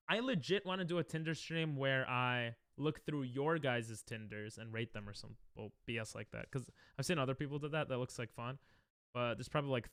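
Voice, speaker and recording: A man's voice: medium pitch, a bit bright, smooth, no echo, clean studio sound. A man streaming, reacting to commercials in casual, joking chat with his viewers, often laughing.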